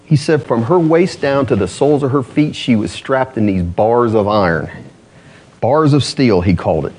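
A male pastor preaching a sermon in an animated style, climbing high for emphasis and dropping low and slow to tell a story.

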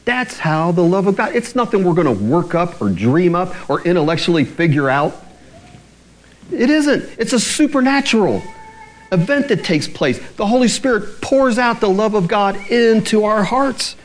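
Lively-pitched preaching man. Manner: earnest preaching, reads scripture slowly and dips his voice low. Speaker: pastor. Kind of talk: sermon.

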